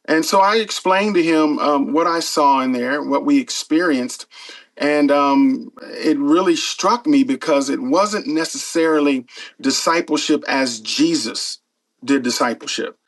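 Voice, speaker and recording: A middle-aged man speaks in a slightly high voice, a pastor telling stories in a casual interview. He is earnest and grows animated when he acts out what others said. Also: measured pace, low-quality recording. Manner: earnest, animated when retelling, frequent fillers. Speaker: pastor and former pro football player.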